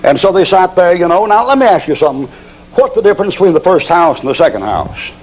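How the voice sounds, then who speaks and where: A preacher with a fairly high voice who tells his sermon like a folksy yarn, drawling and joking. He shifts between plain storytelling and pointed questions to the congregation. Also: sing-song, fast, a little mellow, a little hiss or hum, poor audio.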